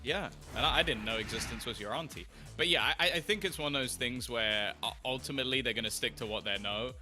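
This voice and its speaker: A man giving animated studio desk analysis of an esports match, laughing and restarting often. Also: medium pitch, fast, music in the background.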